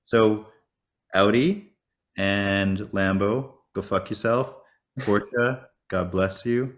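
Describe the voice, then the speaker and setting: A man with a deep, low-pitched voice chats casually on a podcast over a call. He tells his stories in an animated, joking way and swears freely. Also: extremely slow. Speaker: podcast co-host. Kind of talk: casual chat.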